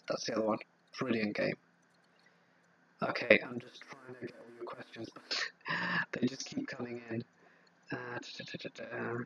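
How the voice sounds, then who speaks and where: A man with a Southeast English accent chats casually on a live stream, reading out viewer comments and answering each one in an easygoing, rambling way. His voice sits at an ordinary middle pitch. The audio is dull and lo-fi. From England. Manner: relaxed, rambling, reads viewer comments aloud and answers them with fillers.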